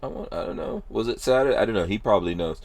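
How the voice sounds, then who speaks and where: Low-voiced rambling podcast host man. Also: racing. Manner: rambling, full of hedges and restarts. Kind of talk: casual podcast chat.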